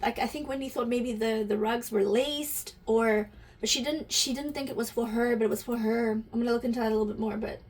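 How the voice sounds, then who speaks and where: A woman's voice: fairly high pitch, fairly even intonation, normal speed, husky. A woman giving an intuitive energy reading to camera, musing aloud, asking questions and talking directly to her viewers, easily moved to emotion.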